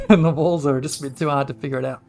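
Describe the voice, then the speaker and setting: A man with an Australian accent, narrating as game master over an online call. He laughs often and describes scenes slowly. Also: medium pitch, steady tone, gravelly, a little mellow.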